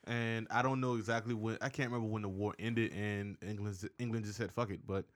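A man's voice: on the low side, little pitch movement, brisk. Blunt, joking man from Charleston. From Charleston, South Carolina. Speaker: guest. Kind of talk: casual chat.

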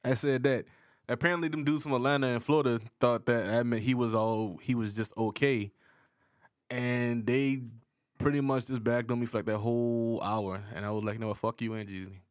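A man from Charleston, South Carolina, co-hosting a podcast in relaxed casual chat, rambling with restarts as he tells stories. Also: mid-range voice, moderate pace, no echo, clean studio sound. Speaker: podcast co-host.

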